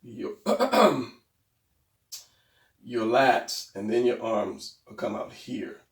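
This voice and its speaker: A man's voice: mid-range voice, big pitch swings, very slow. A man teaching anatomy drawing in a casual, rambling way, thinking aloud as he sketches. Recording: roomy, mic far from speaker.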